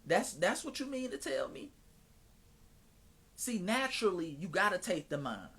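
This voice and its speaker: A man hosting a live stream, talking in a casual, animated, preacher-like cadence and sometimes slipping into mocking voices. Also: sits high, normal speed, gravelly, breathy edge.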